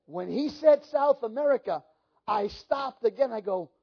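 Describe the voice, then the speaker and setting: A man telling stories in a sermon as a pastor, animated and acting out the dialogue himself. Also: very high-pitched, measured pace, creaky, slightly rough. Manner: animated, acts out quoted dialogue. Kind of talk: storytelling sermon. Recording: dull lo-fi recording.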